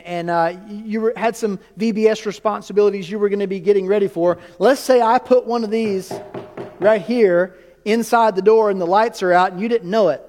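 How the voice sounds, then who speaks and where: A man's voice: sits high, darkish tone. A man preaching a sermon as pastor, teaching and quizzing the congregation with questions in a church sanctuary. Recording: long reverb of a church hall.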